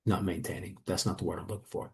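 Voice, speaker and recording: A man's voice: low-pitched, little pitch movement, quick pace, gravelly. A man in a testimonial interview, earnestly and reflectively telling his own story as a coaching client.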